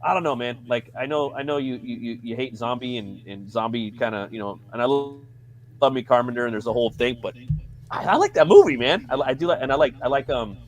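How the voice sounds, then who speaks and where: A man's voice: mid-range voice, a little fast, soft background music. A man co-hosting a casual movie podcast, telling stories in a rambling, profane way. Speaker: podcast co-host. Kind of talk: casual chat.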